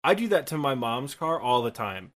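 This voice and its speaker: A man's voice: medium pitch, very animated, normal speed, a bit bright. A man in his twenties from Michigan with a Midwestern accent, co-hosting a casual gaming podcast from his apartment, rambling and self-deprecating. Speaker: podcast co-host and streamer.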